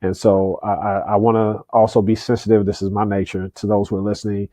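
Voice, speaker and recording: A middle-aged man talks earnestly as a podcast guest, often repeating a word before his thought comes out. His voice is low-pitched and warm. It is recorded dry and close. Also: level tone, fairly quick, dry recording. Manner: earnest, repeats words when starting a thought. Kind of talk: candid conversational interview.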